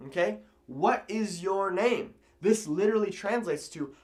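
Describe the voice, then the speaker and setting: Animated male language teacher. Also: high voice. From California. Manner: animated, repeats phrases slowly for learners. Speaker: Spanish teacher. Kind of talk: video language lesson.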